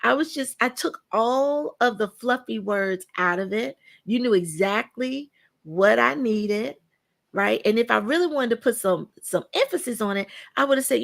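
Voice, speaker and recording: A woman guest on a podcast chats casually and emphatically, acting out the people she quotes in her stories and repeating words for stress. Her voice is a little high with vocal fry, at a moderate pace.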